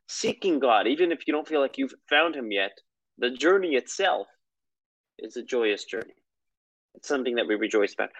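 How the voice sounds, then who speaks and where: A man's voice: medium pitch, no room sound, rough recording. A man teaching a lesson on prayer in a conversational, storytelling way, with asides.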